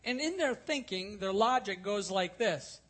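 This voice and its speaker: A man's voice: high voice, expressive, measured pace, a bit bright. A male pastor teaching a sermon, explaining scripture earnestly and repeating key points for emphasis. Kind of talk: expository sermon.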